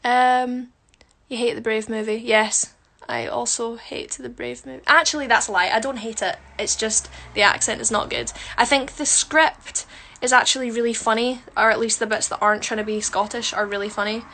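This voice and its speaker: A woman's voice: on the high side, fairly even intonation, normal speed, gravelly, hardly any pauses, bright, forceful tone. A woman chatting casually on a phone livestream at home, self-mocking and answering viewer questions while doing her makeup. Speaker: musical theatre performer.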